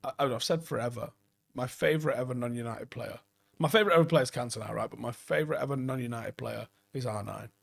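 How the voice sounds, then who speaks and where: Gravelly, sweary football streamer. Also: male voice, medium pitch, quick pace. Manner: swears a lot, rambling and enthusiastic. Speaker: football YouTuber doing a late-night live stream. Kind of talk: casual live stream chat reading viewer comments.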